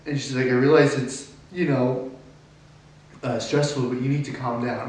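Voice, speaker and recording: A man's voice: medium pitch, steady tone, normal speed. Young man, acting student, personal monologue, very echoey room, distant mic. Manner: emotional storytelling, swings from quiet to agitated. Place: classroom or studio.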